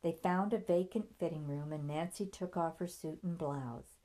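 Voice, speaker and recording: A woman narrating a novel aloud in a steady, measured storytelling voice. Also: deep voice. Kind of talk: audiobook reading.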